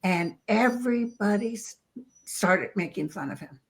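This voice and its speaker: A woman guest telling stories in casual chat, lively and acting out the voices of people she quotes. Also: mid-range voice, a little slow. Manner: lively storyteller who acts out quoted voices.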